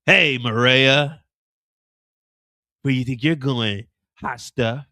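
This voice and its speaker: A man's voice: slow pace, bright, forceful tone, no echo, clean studio sound. A man playing a sneering male hitman. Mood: taunting. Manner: taunting growl, then shrill swearing when hurt. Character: menacing male hitman, sneering, later hurt and cursing.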